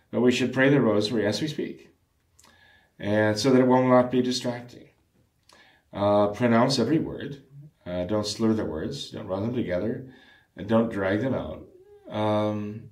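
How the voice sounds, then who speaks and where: A man with a fairly low voice talks earnestly and in a measured way, stopping to restart phrases and clear his throat. His voice carries a noticeable room echo. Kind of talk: discussion on prayer.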